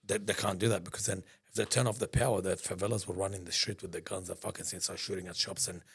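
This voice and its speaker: Man, podcast guest, low gravelly voice, swears a lot, excitable rambling storytelling. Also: fast. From Australia. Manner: profane, excitable, many restarts. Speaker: podcast guest, business founder. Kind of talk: casual storytelling.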